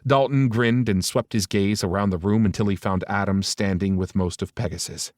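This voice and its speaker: Male audiobook narrator, steady even reading, low voice, dry close sound. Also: moderate pace, no room sound. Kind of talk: scripted romance narration.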